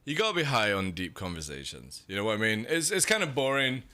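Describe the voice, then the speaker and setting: A man's voice: on the low side, big pitch swings, fast talker, bright, forceful tone. A young man from the UK chatting casually on a livestream, rambling, swearing and laughing as he reads chat. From United Kingdom. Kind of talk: casual stream chat, reading chat.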